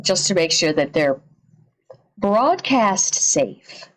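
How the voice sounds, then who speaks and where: A woman doing a casual live-stream reaction from her home setup with a green screen speaks slowly in a mid-range voice, yet she's very animated. The recording is low quality, and she curses freely while tossing out sarcastic remarks.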